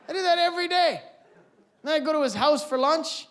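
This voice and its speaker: Male stand-up comedian with a high voice, lively and loud on the punchlines, live on a stage mic. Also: a little fast. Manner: animated, shouts punchlines, mimics characters.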